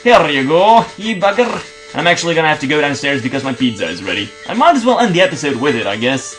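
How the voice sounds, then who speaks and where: Excitable young man commentating a game. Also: on the high side, fast. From Belgium. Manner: swears and grumbles at the game. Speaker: video game let's play host. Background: faint game music.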